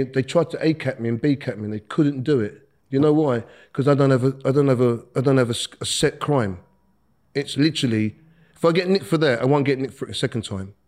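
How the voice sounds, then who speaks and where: A middle-aged man tells stories from his past in casual, animated speech. He acts out other people's lines and laughs as he talks. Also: medium pitch. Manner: animated, acts out quotes, laughs while telling. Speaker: guest. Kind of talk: casual storytelling.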